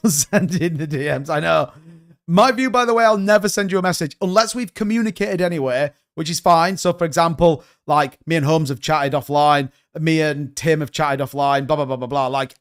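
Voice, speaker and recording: Chatty man, slightly high voice. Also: clean tone. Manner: chatty, rambling, frequent restarts. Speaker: crypto channel host. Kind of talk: casual livestream chat.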